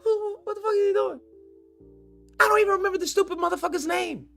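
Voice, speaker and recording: A man hosting his channel, ranting in a profane, mocking, animated commentary. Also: very high voice, fast, gravelly, faint music behind. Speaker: channel host. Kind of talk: commentary rant.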